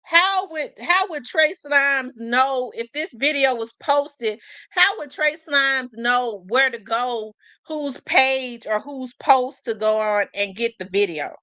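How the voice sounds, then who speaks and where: A chatty woman host talking casually to her viewers, her voice pitched a little high. She keeps asking questions aloud as she thinks, and the sound is close and dry. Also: takes it slowly, bright, forceful tone, no room sound. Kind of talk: casual live commentary.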